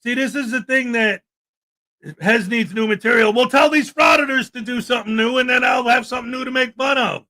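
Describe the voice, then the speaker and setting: This livestream host is a man whose voice is remarkably high, and he rants in a sharp, bright tone, answering chat comments with sarcasm and indignation. He speaks fairly quickly, keeping his tone steady.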